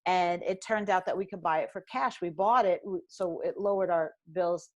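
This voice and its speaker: Middle-aged New woman, lower voice, animated storyteller, guest on a talk show. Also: moderate pace, muffled recording. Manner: animated storyteller acting out quoted dialogue. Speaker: financial professional guest. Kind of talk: candid conversational storytelling.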